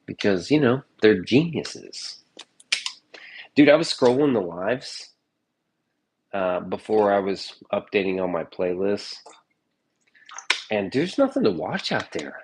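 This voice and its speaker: A man's voice: fairly low pitch, sing-song, takes it slowly, long pauses, background noise. A man chatting casually in his kitchen in a vlog, joking and swearing loosely. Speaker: streamer. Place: home kitchen.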